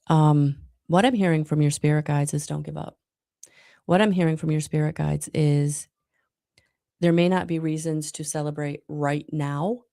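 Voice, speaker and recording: A woman giving live tarot readings to viewers, talking in a soft, spiritual way with many pauses and ums. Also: low-pitched, creaky. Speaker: tarot reader.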